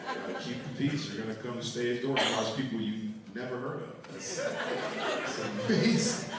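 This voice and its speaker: A young man performing a stand-up comedy set on a theater stage, telling animated stories and acting out quotes. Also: mid-range voice, fairly quick, over a noisy crowd. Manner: animated storytelling with acted-out quotes. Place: theater stage before a live audience. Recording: echoey theater, mic heard from far off. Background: audience room noise.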